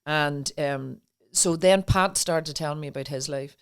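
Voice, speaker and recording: A middle-aged woman with a low, clean-toned voice speaks unhurriedly as a podcast guest, earnestly and feelingly telling her own story in an interview.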